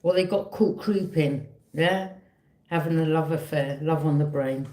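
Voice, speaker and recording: A woman giving a casual, chatty tarot reading, often checking in with a quick "yeah?". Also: deep voice, mellow, slight background noise. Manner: chatty, repeats herself, frequent "yeah?" check-ins. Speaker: tarot reader. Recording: roomy echo.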